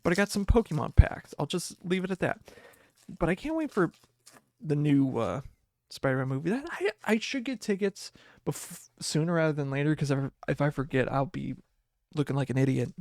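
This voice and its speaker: A young man hosting a podcast, chatting casually and excitedly as he opens card packs and reads the cards aloud. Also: a little high, normal speed, dry recording. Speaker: podcast host. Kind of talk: casual card pack opening chat.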